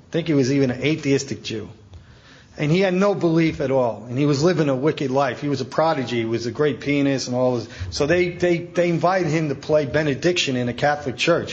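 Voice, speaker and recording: A man preaching a sermon as a Catholic priest, telling stories in a colloquial, animated way with emphatic asides. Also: a little high. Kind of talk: storytelling sermon. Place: talk at a conference event. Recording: dull lo-fi event recording.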